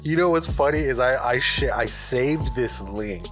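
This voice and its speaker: A man's voice: medium pitch, expressive, a little slow, over music. A man co-hosting a podcast in loose, profane casual chat, laughing often. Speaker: podcast co-host.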